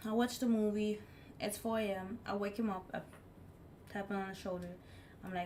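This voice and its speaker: Woman streamer, mid-pitched voice, blunt and animated casual storyteller, faint noise behind. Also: normal speed, pauses often. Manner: blunt, animated storyteller who swears freely. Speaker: live streamer. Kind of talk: casual story time chat.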